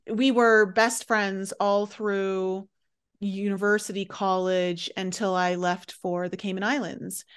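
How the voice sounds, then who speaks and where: A woman in her thirties hosting a podcast, telling a personal story in an animated way and laughing often. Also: mid-range voice, clean tone. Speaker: podcast host. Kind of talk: casual chat.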